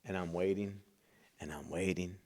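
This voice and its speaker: Animated storytelling man, hushed asides. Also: low-pitched, normal speed. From Chicago, USA. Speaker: guest, business owner and pastor. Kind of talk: personal storytelling in a podcast interview.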